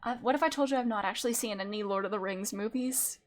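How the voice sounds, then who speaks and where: A woman's voice: medium pitch, fast. A young woman streaming a game, chatting casually with wry, giggly asides. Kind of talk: casual gameplay commentary, reading game text aloud.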